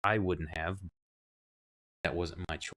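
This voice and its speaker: Aloof male librarian, curt and condescending, low voice, as a man puts him on. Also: fairly even intonation, takes it slowly, fairly bright tone, full character voice.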